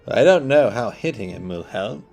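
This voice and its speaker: A man's voice: mid-range voice, lively intonation, moderate pace, vocal fry, a little mellow, faint music behind. A man speaking as a player in a tabletop horror game, thinking aloud and asking questions. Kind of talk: casual tabletop game talk.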